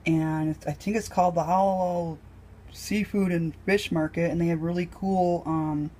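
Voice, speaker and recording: A woman's voice: lowish voice, fairly even intonation, moderate pace, warm tone. A woman chatting casually while cooking in her home kitchen, rambling with lots of ums. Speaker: home cook vlogger.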